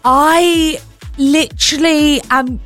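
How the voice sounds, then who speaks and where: A woman's voice: sits high, takes it slowly, faint music behind. A woman co-hosting a radio show in casual, emphatic chat, repeating herself as she rants. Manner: animated, ranting, emphatic repetitions. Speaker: radio co-host.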